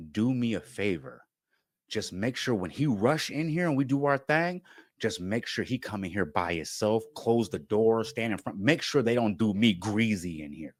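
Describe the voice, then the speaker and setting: A man's voice: on the low side, no echo. Bay guy telling a story, voice jumps all over, laughs a lot, dry close sound. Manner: animated, laughing, acts out dialogue. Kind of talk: casual story time.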